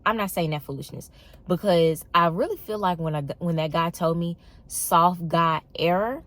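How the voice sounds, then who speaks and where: Young woman vlogger, lower voice, expressive and exasperated, talking straight to camera. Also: normal speed. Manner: expressive, emphatic, exasperated storytelling. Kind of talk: casual monologue to camera.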